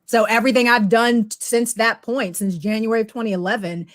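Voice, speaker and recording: A middle-aged woman guest telling her career story in an animated way, acting out the voices in her anecdotes. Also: on the high side, fairly quick, no echo, studio quality. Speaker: guest, technology media expert. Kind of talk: storytelling interview talk.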